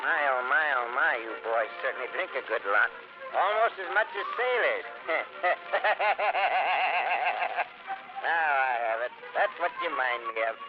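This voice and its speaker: A jolly, drink-loving Dutch villager for old-time radio; bouncy, lively delivery, muffled old broadcast sound with music. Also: male voice, a little high, slow pace. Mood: wondering. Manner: jovial, chatty, talks to himself and his dog. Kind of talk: 1940s radio acting.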